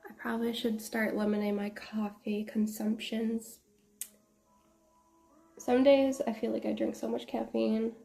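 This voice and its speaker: A woman's voice: a little high, flat delivery, measured pace, creaky, mellow, soft background music. Chatty woman streaming while painting. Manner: chatty, laughs often, drifts closer and farther from the mic. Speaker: art streamer. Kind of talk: casual chat while painting.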